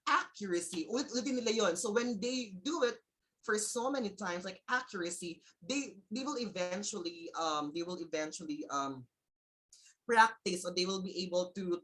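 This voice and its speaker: A woman's voice: fairly low pitch, a bit bright, rough recording. A woman with a Filipino accent giving an online teaching demonstration over a video call. She switches between English and Tagalog and coaxes her listeners to join in. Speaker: teacher presenting at a webinar.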